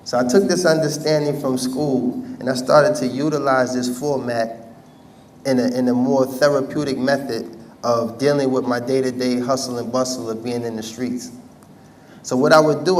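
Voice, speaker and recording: A man's voice: mid-range voice, fairly even intonation, moderate pace, a little mellow. A man telling his life story to an audience in casual, conversational speech with street slang. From United States. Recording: distant mic with faint background noise.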